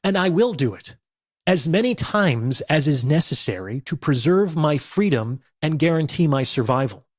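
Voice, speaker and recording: A man giving an intense motivational monologue. He speaks in a forceful, declamatory way and swears. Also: fairly high pitch, very animated, normal speed, dry recording, studio quality.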